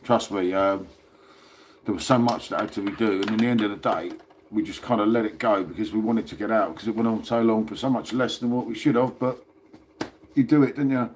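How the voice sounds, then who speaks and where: A man's voice: on the low side, fairly even intonation, a little fast, a little hiss or hum. A man hosting a casual livestream from his phone, chatting and rambling and calling his viewers "mate". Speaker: livestream host.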